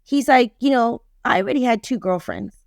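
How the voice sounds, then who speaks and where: A middle-aged woman, a relationship expert guest on a podcast, telling a story in a lively way and acting out quoted lines. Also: on the high side, a little fast, dry recording, studio quality. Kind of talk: casual podcast conversation.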